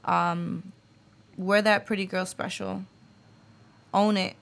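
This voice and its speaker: A woman's voice: mid-range voice, little pitch movement, slow, creaky. A woman in her late twenties, a guest author and poet, talking earnestly in an interview and reading her spoken-word poetry. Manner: earnest and reflective, frequent fillers.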